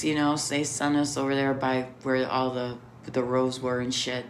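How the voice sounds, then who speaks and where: A woman's voice: very deep voice, a little slow, hardly any pauses, a little hiss or hum. A middle-aged woman telling a rambling personal story in a casual, profane way, laughing often. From Chicago area.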